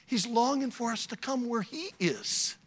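A preacher playing an insistent, eager son. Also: male voice, very high voice, animated, unhurried, fairly bright tone, slightly rough, voice pushed up, full character voice. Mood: urgent insistent. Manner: urgent, insistent, rising to fervor. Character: eager grown son, brother of the first.

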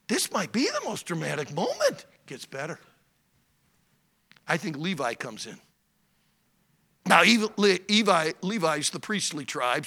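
A male preacher in full sermon, swinging from loud declarations down to hushed storytelling. His voice is bright and ringing, with wide, animated pitch. He retells scripture with dramatic force. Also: vocal fry.

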